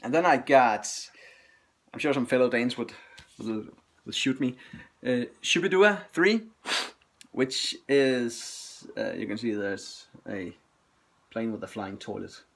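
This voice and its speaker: A man's voice: mid-range voice, lively intonation, slow pace, creaky, pauses often. Guy rambling happily about his vinyl haul, casual and eager. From Denmark. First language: Danish. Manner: enthusiastic, chatty record reviews. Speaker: record collector vlogger. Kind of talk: casual chat.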